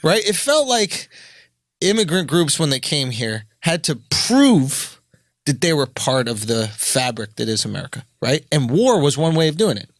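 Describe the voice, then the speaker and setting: A man's voice: a little high, moderate pace, no echo, studio quality. A man co-hosting a comedy podcast, chatting casually and swearing freely. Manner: animated, swears freely, does exaggerated quoted voices.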